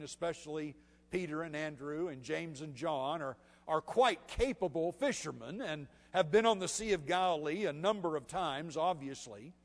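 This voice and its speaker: A man preaching a sermon, reading scripture and then explaining it in a conversational, animated way, acting out voices. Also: on the high side, in a large hall. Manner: conversational, animated, acts out voices with swings in loudness.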